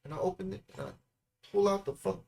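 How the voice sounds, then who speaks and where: A man's voice: sits high, fast, vocal fry, darkish tone. A young man from California telling a long story in casual chat, full of slang and swearing, acting out his friends' lines. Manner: loose slangy storytelling, acts out friends' voices, heavy swearing. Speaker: guest storyteller.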